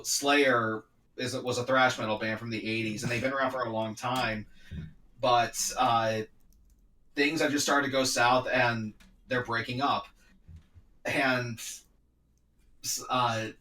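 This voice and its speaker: A man with a bright, crisp voice co-hosts a casual nerd talk show. He explains background for viewers and ribs his friends. The room rings with echo. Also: mid-range voice, far from the mic, a little hiss or hum. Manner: explanatory, playful teasing. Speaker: co-host. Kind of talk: casual chat.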